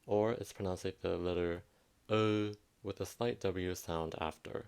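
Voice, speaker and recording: A man with a Southwestern Vietnamese accent giving a pronunciation lesson, repeating each word slowly and carefully. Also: deep voice, steady tone, gravelly, darkish tone, clean tone. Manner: slow, careful teaching, repeats words for emphasis. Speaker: language teacher.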